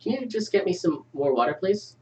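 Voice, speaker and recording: A man's voice: high-pitched, big pitch swings, a little fast, a little mellow, far from the mic, voice pushed up, low-quality recording. A man voicing a little girl at bedtime who is afraid of an imaginary visitor. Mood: pleading. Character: little girl asking her mother for water.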